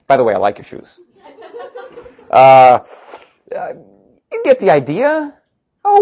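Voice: medium pitch, a little mellow, muffled recording. A pastor preaching a conversational sermon with sarcastic asides.

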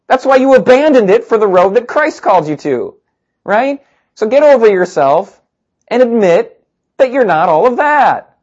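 Lively, chatty preacher. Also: medium pitch, muffled recording. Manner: conversational, sarcastic asides. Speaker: pastor. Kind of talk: sermon.

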